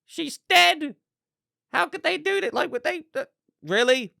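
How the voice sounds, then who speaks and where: A man voicing an overexcited male fan, shrill and disbelieving, shrieking in panic. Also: expressive, a little slow, gravelly, bright, forceful tone, no echo, studio quality, heavily acted. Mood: panicked. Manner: shrieking, incredulous.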